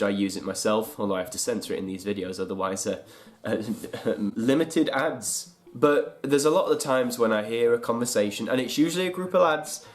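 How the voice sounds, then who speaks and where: A young British man in a comic vlog monologue, chatty and sarcastic, sounding a little unwell. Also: on the low side. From United Kingdom. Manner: chatty, sarcastic, jumps into silly voices. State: unwell, congested. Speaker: comedy vlogger.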